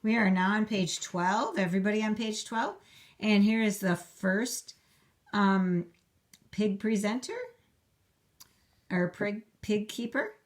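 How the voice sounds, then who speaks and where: A woman teacher reading a storybook aloud to young children, slow, clear and encouraging. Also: medium pitch.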